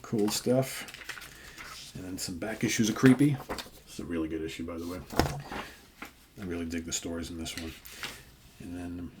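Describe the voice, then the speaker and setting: A man's voice: low-pitched, a little slow, long pauses, noisy background. An older man co-hosting a comic book show, casually retelling the stories and acting out the characters' lines with lots of fillers. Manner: animated storyteller, acts out dialogue with filler words.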